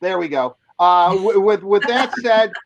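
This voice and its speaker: Halting older man in casual sports talk. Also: sits high, expressive, dull audio, slight background noise. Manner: halting, repeats words.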